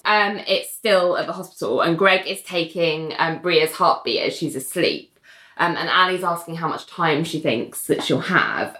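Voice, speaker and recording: A woman co-hosting a casual chat, animatedly recapping a TV episode and acting out the characters' lines in quick voices. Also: lowish voice, pushed and bright, reverberant. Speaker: podcast co-host recapping a TV episode.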